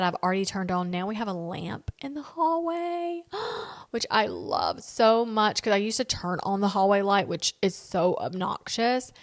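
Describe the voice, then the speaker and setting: A woman in her late thirties hosting a solo podcast, chatting candidly and directly to her listeners in a casual, homey way. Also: medium pitch. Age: 30s. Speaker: podcast host. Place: home lounge.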